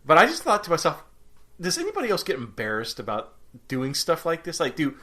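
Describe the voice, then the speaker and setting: A man in his forties co-hosting a podcast, spinning anecdotes in casual chat. His voice has a bright, crisp edge, and he acts out quoted lines with big swings in pitch. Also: a little fast. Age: 40s. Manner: animated storyteller, acts out quotes. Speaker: podcast co-host.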